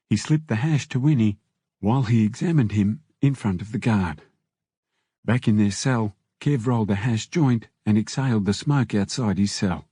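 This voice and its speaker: A man reading an audiobook in steady scripted narration on a close mic. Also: lowish voice, moderate pace, breathy edge, no echo.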